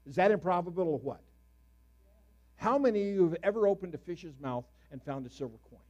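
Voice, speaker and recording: A middle-aged man preaching a sermon as a pastor, telling stories with sudden loud, animated bursts. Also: high-pitched, brisk, highs cut off.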